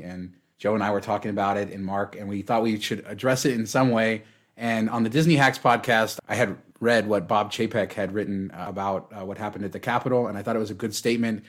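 A man hosting a podcast, moving the show into its next segment in a measured, earnest way. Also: lowish voice. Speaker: podcast host. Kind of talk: show host segue.

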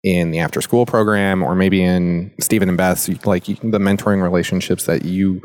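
A man co-hosting a casual talk about mentoring, relaxed and asking open questions with lots of "like" fillers. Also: low-pitched, moderate pace. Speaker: podcast co-host and youth mentor. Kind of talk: casual discussion.

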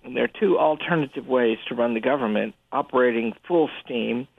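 A man speaking as a guest on a radio discussion, animated and prone to restarts as he tells stories and argues. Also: a little fast, gravelly, no room sound. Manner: animated storyteller, lively pitch, frequent restarts. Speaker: guest commentator. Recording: phone-line quality, dry.

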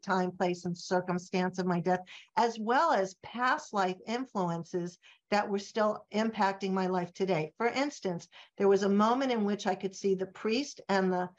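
Woman telling a lively story. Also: mid-range voice. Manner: animated anecdote telling, acting out quoted voices. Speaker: author guest. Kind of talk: storytelling in a podcast interview. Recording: slightly dull lo-fi audio.

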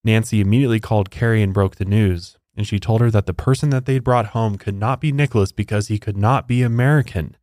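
Low-voiced man narrating true crime. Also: quick pace, few pauses, a little mellow, no room sound, clean studio sound. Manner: conversational, incredulous asides. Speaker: podcast host.

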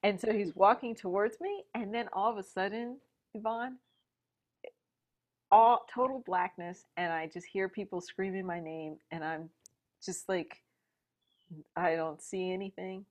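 A middle-aged woman telling a personal story in conversation, animated and full of asides and fillers. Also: mid-range voice, a little slow, long pauses. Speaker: guest.

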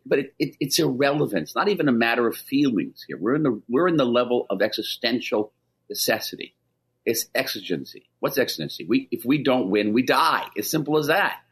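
A man's voice: mid-range voice, breathy edge. A man being interviewed on the radio, speaking urgently and emphatically, often restarting his sentences. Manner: emphatic and insistent, with frequent restarts. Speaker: ambassador, interview guest.

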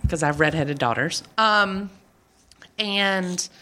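A woman's voice: on the low side, slow pace, background noise. Gushing, chatty woman host. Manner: gushing, chatty, laughs often. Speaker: podcast host. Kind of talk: casual chat.

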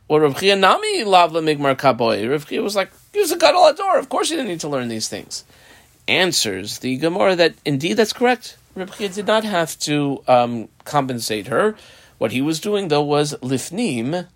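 Animated man teaching a Talmud page. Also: a little high, no echo. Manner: translates Aramaic line by line, many fillers. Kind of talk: daf yomi Talmud lesson.

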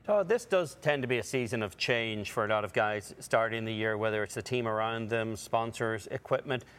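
A man giving articulate, measured golf analysis on a broadcast, with a wry touch. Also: lowish voice, a bit bright, smooth.

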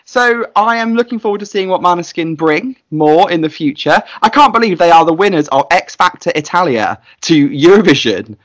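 A man co-hosting a podcast in casual chat, excitable and opinionated. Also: high voice, normal speed, few pauses. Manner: excitable, opinionated, lots of fillers. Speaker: podcast co-host.

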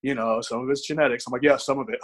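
Husky, animated storytelling man. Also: mid-range voice, fast, low-quality recording. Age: 30s. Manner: animated storyteller, frequent profanity, acts out quotes. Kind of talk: casual storytelling chat.

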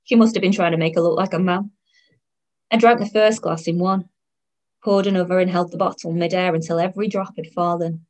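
A woman's voice: fairly low pitch, steady tone, fairly quick, a little mellow. Wry woman narrating. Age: 30s. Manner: wry, weary and sardonic. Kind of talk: first-person audio drama narration.

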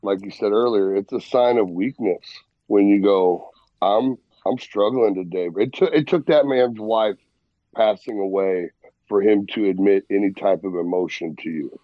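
Low-voiced frank man, dull dry sound. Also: moderate pace, dry recording. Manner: frank, calls others bro. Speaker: podcast co-host. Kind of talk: casual chat.

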